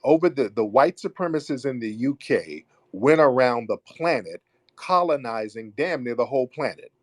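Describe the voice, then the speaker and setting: A man hosting a live call-in debate, forceful and insistent, repeating his points and cutting callers off. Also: medium pitch, animated, normal speed, no echo, studio quality. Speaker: host of a live call-in audio show.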